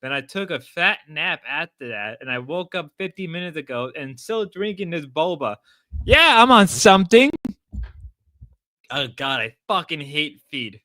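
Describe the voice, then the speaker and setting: A young man hosting a livestream, loud, erratic and crude as he riffs at chat. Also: fairly high pitch, expressive, normal speed, few pauses, no room sound. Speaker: livestream host. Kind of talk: casual stream chat.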